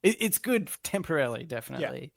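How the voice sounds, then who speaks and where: A man co-hosting a casual podcast, talking earnestly with halting restarts. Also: on the high side, big pitch swings, vocal fry, no echo, studio quality. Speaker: podcast co-host.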